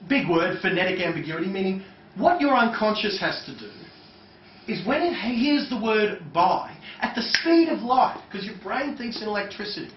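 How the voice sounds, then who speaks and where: A man's voice: high voice, expressive, moderate pace, a little hiss or hum. A man running a live seminar for an audience, teaching in a loose, chatty way with lots of fillers, recorded from a distant mic. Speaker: seminar trainer. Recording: echoey, distant, dull lo-fi room recording.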